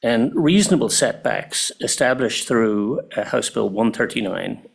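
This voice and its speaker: A man's voice: mid-range voice, animated, a little slow, vocal fry, slightly rough. An older man with an Irish accent, testifying before a committee with a plain personal account and a dry, understated tone. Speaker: public testifier.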